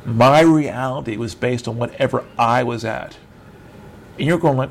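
A man's voice: medium pitch, moderate pace, vocal fry. A middle-aged man giving an informal teaching sermon over a video call, conversational and rambling with self-mocking humor. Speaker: preacher.

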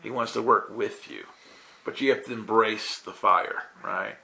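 A man's voice: fairly low pitch, fairly even intonation, measured pace, vocal fry, sharp tone, rough recording. A man telling a casual personal testimony as a guest minister, chatty and self-interrupting, often checking in with "right?".

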